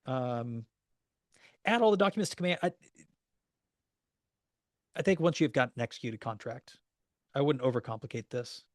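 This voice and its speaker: In a clean studio recording with no room sound, a mid-range male voice teaches agents how to make and negotiate offers. He's a real estate trainer in a recorded class, using a practical coaching tone and acted phone scripts.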